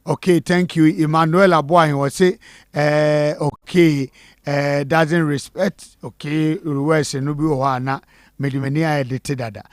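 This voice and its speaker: Host voice: Ghanaian man, slightly high, dry studio sound, reads viewer shout-outs briskly. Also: fairly even intonation, no room sound. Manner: reads out names and messages, mixing Twi and English. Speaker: host reading viewer comments. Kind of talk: live election-night studio talk.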